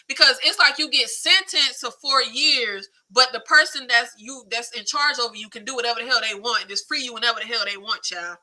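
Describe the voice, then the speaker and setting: Bright, high-voiced woman reviewing films. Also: poor audio. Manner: animated, conversational, colloquial Southern Black American slang. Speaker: host. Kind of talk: livestream movie review.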